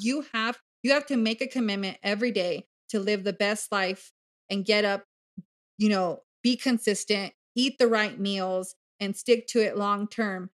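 A woman speaking as a podcast guest in candid, casual conversation, animated and blunt, swearing freely. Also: medium pitch. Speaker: podcast guest, bariatric coach.

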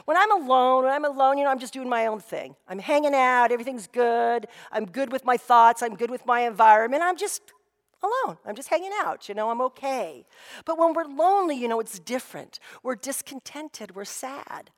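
A woman's voice: high-pitched, expressive, brisk. A woman pastor giving a sermon in a conversational storytelling way, often saying "you know". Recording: long reverb of a hall.

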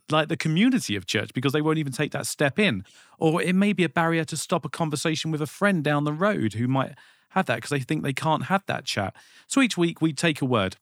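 A man's voice: mid-range voice, fairly bright tone, no echo, studio quality. Chatty male podcast host. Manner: chatty, rambling with fillers. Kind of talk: casual chat.

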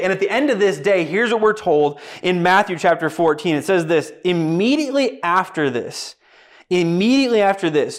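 A young man preaching a sermon, animated and emphatic, with dramatic pauses and bursts of humor. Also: sits high. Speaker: pastor.

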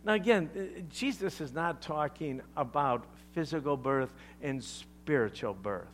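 A man preaching a sermon as pastor, emphatic and animated, leaning on deliberate pauses. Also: fairly high pitch, a little hiss or hum.

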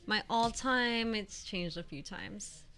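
Woman on a podcast, bright voice, eager, keeps laughing between words. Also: mid-range voice, slow pace. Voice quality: eager, laughs as she talks. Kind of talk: casual group chat.

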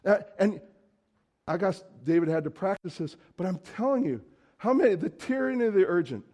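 A man's voice: high-pitched, animated, fairly quick, a little mellow. A man preaching a sermon in a conversational, emphatic way, acting out quoted lines.

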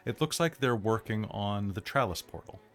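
Brief: male game master, casual narration, fairly low voice. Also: lively intonation, normal speed, faint music behind. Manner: casual, conversational.

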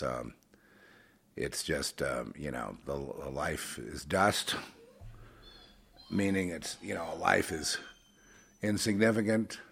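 A man delivering a rambling religious monologue, swinging between fervent outbursts and quiet, halting asides full of restarts. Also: rumbling low, vocal fry, slightly rough. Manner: many restarts and fillers, conversational.

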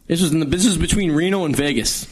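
A man with a Boston accent, co-hosting a casual radio show and joking with quick interjections. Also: fairly high pitch, slight background noise, poor audio. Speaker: co-host.

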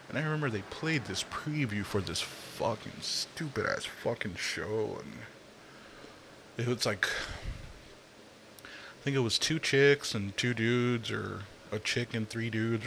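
A man's voice: lowish voice, vocal fry, fairly bright tone, a little hiss or hum. A young man ranting casually in a profane, rambling monologue, with fillers and sighs. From Latino, Spanish speaker.

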